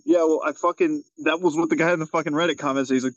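A man's voice: a little high, steady tone, quick pace, few pauses, no room sound, muffled recording. A man co-hosting a casual chat over a video call, laughing often and swearing as he tells stories. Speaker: podcast co-host.

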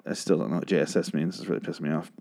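A man's voice: extremely low pitch, steady tone, racing, warm tone. A man losing his voice, rambling through a casual, profane and sarcastic recap of a TV episode as a podcast host.

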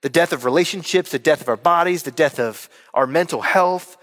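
A man's voice: on the high side, fairly quick, a bit bright, big-room sound. A man preaching a sermon as pastor, earnest and emphatic, repeating key words for weight. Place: church hall.

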